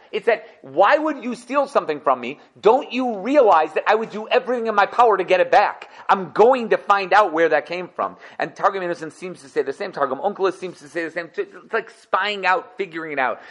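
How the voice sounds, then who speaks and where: Young man, Torah teacher, animated, chatty, slightly high voice, acts out quotes. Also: a little fast, few pauses. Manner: lively, conversational, mixes Hebrew and Yiddish study terms, acts out quotes.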